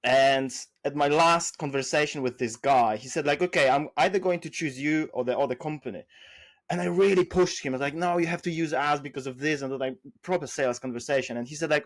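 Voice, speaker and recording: A man telling business stories as a podcast guest, acting out dialogue with lively jumps and frequent restarts. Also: a little fast. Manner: animated, acts out quoted dialogue with big pitch jumps; many restarts and fillers, non-native phrasing. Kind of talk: casual interview storytelling.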